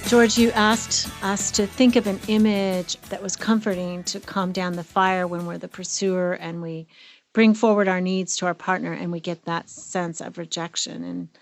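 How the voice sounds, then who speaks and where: A woman's voice: fairly low pitch, level tone, moderate pace, vocal fry, soft background music. A middle-aged woman co-hosting a therapy podcast, talking reflectively and with emotion. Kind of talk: casual conversational podcast.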